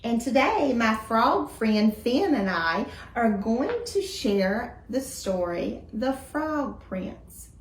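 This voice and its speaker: A school librarian welcomes boys and girls before reading them a story. She speaks clearly and gently to children, her voice sitting a bit high. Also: big pitch swings, takes it slowly, hardly any pauses, echoey room, slight background noise. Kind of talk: greeting children before a read-aloud.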